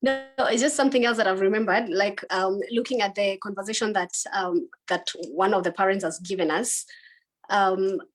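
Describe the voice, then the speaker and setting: A woman's voice: mid-range voice, moderate pace, faint music behind. A woman panelist in a conversational panel discussion who speaks thoughtfully and hesitantly, with many fillers.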